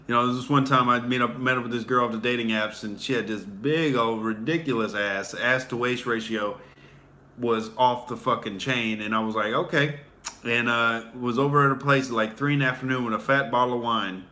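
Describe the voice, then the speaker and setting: A man in his late twenties or thirties, a comedian hosting a livestream, telling crude, animated stand-up stories. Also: mid-range voice, brisk. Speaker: comedian, show host. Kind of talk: loose stand-up storytelling on a livestream.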